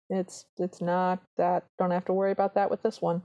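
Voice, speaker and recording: A woman's voice: fairly low pitch, a little fast. A woman co-hosting a podcast, chatting casually as she retells scenes and acts out the characters' lines. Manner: animated storyteller, acts out quoted lines. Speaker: podcast co-host. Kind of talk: casual chat recapping a film.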